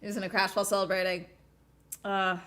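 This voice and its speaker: A woman's voice: medium pitch, quick pace. Young woman reacting to a race live. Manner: excitable, laughs often, talks to herself. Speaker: streamer watching a race along. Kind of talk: casual live reaction commentary.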